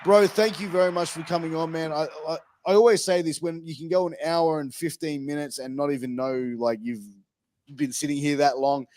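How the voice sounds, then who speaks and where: A man's voice: fairly high pitch, fairly even intonation, a little fast, a little mellow, no echo. A man with an Australian accent hosting a podcast, laid-back and casual, swearing freely as he chats. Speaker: podcast host. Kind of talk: casual interview chat.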